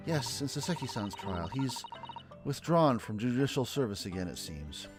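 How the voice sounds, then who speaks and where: A prim, eager young woman assistant, with a man doing the voice, courteous and bright. The voice is pushed up high and lively over clear game music. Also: moderate pace, lightly acted. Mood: polite.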